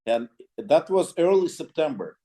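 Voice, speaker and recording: A man's voice: fairly high pitch, very animated, unhurried, warm tone. A man, a clarinetist, telling an anecdote in an interview, with frequent restarts and quoted dialogue. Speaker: clarinetist guest. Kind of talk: storytelling in an interview.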